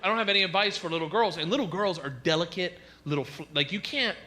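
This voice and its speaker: A middle-aged man doing a stand-up comedy set, telling stories loudly and acting out quoted lines in shifting voices. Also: high-pitched, fast. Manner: loud storytelling, acts out quotes in shifting voices. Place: comedy stage before a laughing audience. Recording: live stage mic with audience noise.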